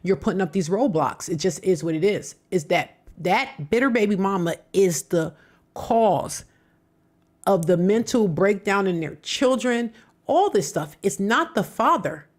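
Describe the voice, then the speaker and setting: A woman's voice: mid-range voice, lively intonation, measured pace. Middle-aged woman reacting live, emphatic, answers every clip, medium voice, chatty and personal. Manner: emphatic, talks back to clips. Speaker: reaction show host.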